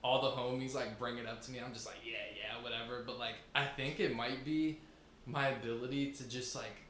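A man's voice: medium pitch, steady tone, fairly quick, fairly bright tone. A young man from Virginia, a podcast guest, chatting casually and loosely with many fillers and frequent laughs. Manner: laid-back, many "like" fillers, laughs often. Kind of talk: casual chat. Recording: echoey room, faint background hum.

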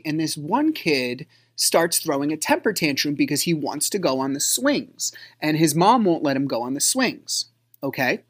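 Guy hosting a podcast, telling his own story, tons of "like", swings up and down a lot, gets quiet at times. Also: fairly high pitch. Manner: rambling, frequent filler "like". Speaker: podcast host. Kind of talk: personal storytelling.

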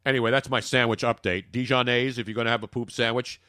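A man co-hosting a sports talk show, ranting and joking in casual banter with big swings in his pitch. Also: fairly even intonation, fast, bright, forceful tone, clear, resonant tone, no room sound, studio quality. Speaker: podcast co-host.

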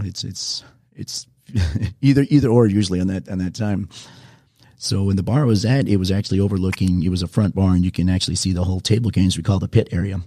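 Brief: man, 40s, husky, mellow low voice, loose rambling storyteller. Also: dry recording, clean studio sound. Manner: rambling, self-correcting anecdotes. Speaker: bartender. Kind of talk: casual storytelling to viewers.

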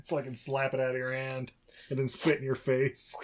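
A man's voice: mid-range voice, completely flat delivery, brisk. A man co-hosting a casual movie podcast, joking around, laughing often and swearing freely. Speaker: podcast co-host.

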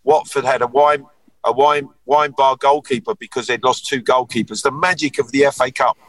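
A man's voice: mid-range voice, fairly even intonation, moderate pace, fairly bright tone, no echo, distant mic, rough recording. A man in his sixties, a former footballer, reminiscing earnestly in a casual podcast chat. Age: 60s.

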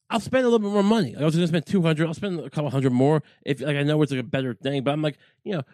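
A man's voice: medium pitch, darkish tone, no echo. A man hosting a casual monologue, rambling with lots of swearing and working himself up into rants. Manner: profane, rambling, gets worked up into ranting.

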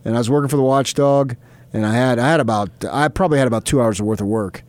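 A man's voice: medium pitch, fast, darkish tone, dry recording. Rambling male sports reporter telling stories. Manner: rambling storyteller, many fillers. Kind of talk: casual chat.

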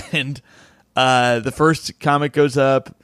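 A man's voice: mid-range voice, flat delivery, slow pace, a bit bright, clean tone, no room sound, clean studio sound. A man who is a stand-up comedian, telling a rambling anecdote in casual podcast chat and acting out what people said.

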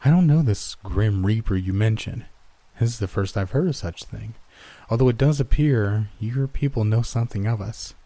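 A man voicing a calm, ageless soul-taking creature in a spoken horror story, solemn and matter-of-fact. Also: on the low side, moderate pace, no room sound. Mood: puzzled. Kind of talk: storybook reading.

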